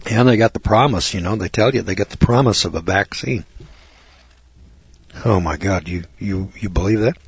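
A man preaching a sermon in an indignant, mocking way, repeating words and clearing his throat. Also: on the low side, moderate pace, muffled recording. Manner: indignant, mocking, rises to exclamations.

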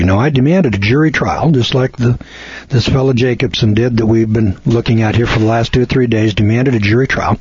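Man, seminar speaker, folksy storytelling lecture, husky voice, dry close sound. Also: mid-range voice, brisk, darkish tone, no room sound. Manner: folksy, colloquial, emphatic. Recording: dull lo-fi recording.

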